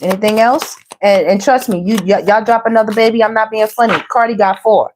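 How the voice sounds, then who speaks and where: A woman giving a casual tarot reading, sassy and animated, full of slang and calling the viewers "baby" and "y'all". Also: mid-range voice, brisk, a little hiss or hum. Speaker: tarot reader.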